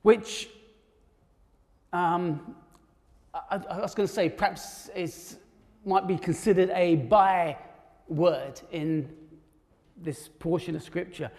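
High-voiced preacher in a reverberant hall. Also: male voice, slow pace, long pauses, darkish tone. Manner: conversational, with fillers and restarts. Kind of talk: sermon.

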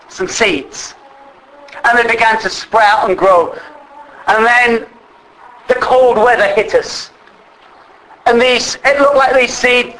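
A man preaching a sermon, earnestly slowing down to stress the scripture he reads. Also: high-pitched, pushed and bright, poor audio.

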